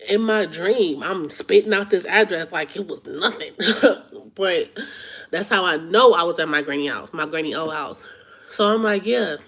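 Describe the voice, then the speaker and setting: A woman vlogger telling a story in a casual, animated way, acting out what people said. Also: on the low side. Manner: animated retelling, acts out her own quotes.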